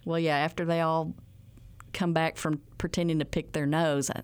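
Folksy Ozark-accented woman, smooth voice. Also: deep voice, level tone, a little mellow, dry recording. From Ozarks, USA. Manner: folksy, unhurried, drawn-out words. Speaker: presenter of Ozark folkways programs. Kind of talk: interview, storytelling explanation.

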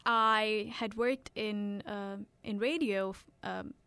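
A young woman with an Indian English accent, chatting in a radio interview, animated and quick to laugh, with halting restarts. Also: mid-range voice, clear, resonant tone, no room sound. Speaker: radio guest.

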